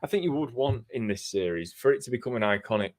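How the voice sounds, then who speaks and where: A man's voice: medium pitch, lively intonation, fast, dry recording, clean studio sound. A man co-hosting a live cricket watchalong, chatting casually and thinking aloud with frequent ums. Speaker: cricket podcast co-host.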